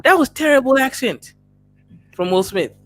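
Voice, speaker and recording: A man's voice: extremely high pitch, expressive, normal speed, fairly bright tone. A man from Nigeria hosting a casual group chat, joking and boastful in banter. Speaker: host.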